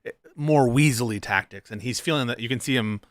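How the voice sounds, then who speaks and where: A man's voice: mid-range voice, a little fast, no echo, studio quality. A man streamer commenting on a clip in a sarcastic, profane way, laughing often. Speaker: streamer reacting to a debate clip. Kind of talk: casual commentary.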